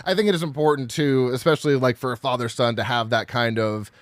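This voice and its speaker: Laid-back guy hosting a podcast, mid-pitched, totally dry no room sound. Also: fairly even intonation, fast, dry recording. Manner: easygoing, encouraging interviewer. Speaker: podcast host. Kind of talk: casual interview chat.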